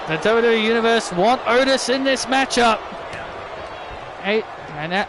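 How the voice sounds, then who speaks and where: A man doing excitable play-by-play wrestling commentary over a video game, repeating himself and bursting into shouts. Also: very high-pitched, measured pace, long pauses, background noise.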